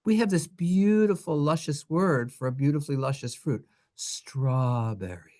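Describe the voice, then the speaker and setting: Brief: playful lesson narrator, singsong and teasing, very lively pitch. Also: normal speed. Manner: animated, jokey, singsong. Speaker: teacher.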